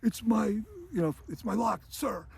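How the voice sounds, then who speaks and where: A man's voice: high voice, a little slow, creaky, slightly rough, pitched above the performer's own voice, exaggerated voice. A man doing a meek young recruit. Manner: meek, quiet replies. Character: timid, slow young male recruit.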